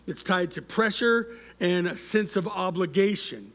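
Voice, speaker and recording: Preaching with a high voice at a measured pace, this male pastor leads the congregation in call-and-response. He lets the ends of his phrases drop soft and quiet.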